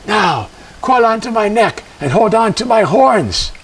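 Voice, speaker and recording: A slow, solemn horned snake spirit from a told legend, voiced by a male storyteller. His voice is gravelly and husky, and it carries from a distance off the mic. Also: sits high, sing-song, pitched above the performer's own voice, full character voice. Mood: solemn kind. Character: great horned river snake, kind and wise.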